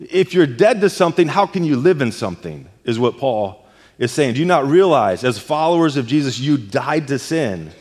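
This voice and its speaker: A man's voice: mid-range voice, lively intonation, moderate pace, a little mellow. Emphatic male pastor in a reverberant church. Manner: emphatic, repeats words when stressing a point. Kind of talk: sermon. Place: church sanctuary. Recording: long church hall reverb.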